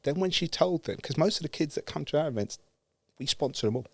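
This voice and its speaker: A man from the UK telling a story with lively energy, acting out the dialogue and laughing as he goes. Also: a little high, fast talker, dry recording. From United Kingdom. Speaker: guest speaker. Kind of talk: animated storytelling.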